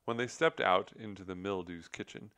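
A man reading a children's book aloud as narrator, telling the story gently. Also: low-pitched, normal speed, dry recording. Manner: gentle storytelling with character voices.

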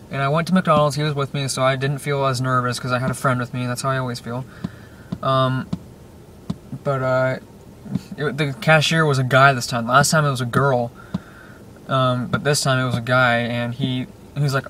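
A young man in his late teens talks from inside a parked car at an ordinary, mid-range pitch. He rambles from one thought to the next, full of fillers, "dude" and "freaking." Car and road noise comes through clearly behind his voice. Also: fairly bright tone. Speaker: vlogger. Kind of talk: casual rambling vlog talk.

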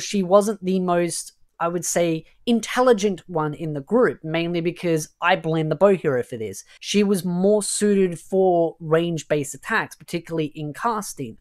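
A woman with a somewhat low voice talks through her review in a casual, chatty way. She is emphatic and leans on the same stock phrases again and again. She gets easily exasperated about the characters. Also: darkish tone. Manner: chatty and emphatic, leaning on "of course" and "definitely". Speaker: light novel reviewer.

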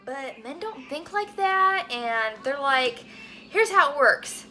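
High-pitched young woman rambling through a home cooking vlog, lots of "okay?", cusses freely, music playing behind. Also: takes it slowly, low-quality recording. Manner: animated, swears freely, talks to viewers with lots of "okay?". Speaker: cooking vlogger. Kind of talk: casual chatty cooking vlog.

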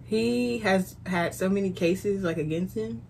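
A woman's voice: mid-range voice, measured pace, vocal fry, a little mellow, a little hiss or hum. A woman co-hosting a reaction video, chatting casually and explaining song lyrics with lots of "like". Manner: explains lyrics with many likes, laughs easily. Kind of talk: casual chat.

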